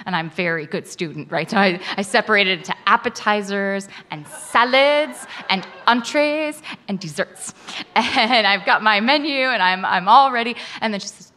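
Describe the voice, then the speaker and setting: A woman telling a frank personal story to a live audience, animated and laughing often. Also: medium pitch, normal speed.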